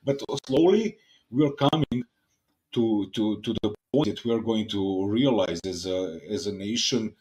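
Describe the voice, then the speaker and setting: Excitable man, lowish voice. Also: a little slow. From Serbia. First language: Serbian. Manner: excitable, swears, repeats words and restarts often. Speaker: podcast host. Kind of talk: casual interview chat.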